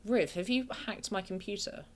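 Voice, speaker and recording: Streaming a video game from her home bedroom, an English woman with a medium-pitched voice chats at a moderate pace. She keeps getting distracted and pokes fun at herself.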